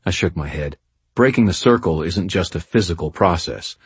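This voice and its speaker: A very deep, husky male voice reads first-person fantasy narration with a wry, measured delivery. The recording is close and bone-dry, with no room sound. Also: expressive, no echo. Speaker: audiobook narrator.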